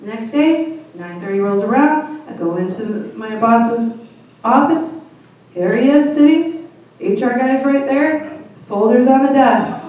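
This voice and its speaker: A woman's voice: high-pitched, measured pace, warm tone. A woman in her thirties with a Midwestern American accent, telling a true story onstage at a storytelling night and laughing wryly at her own bad luck. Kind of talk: live storytelling set. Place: small comedy venue. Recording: echoey room, mic from a distance.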